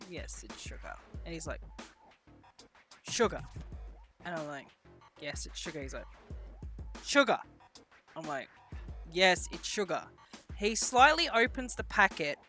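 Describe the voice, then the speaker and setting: Young woman, bright tense voice, casual self-mocking storyteller, faint music under her. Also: a little high. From Australia. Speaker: vlogger.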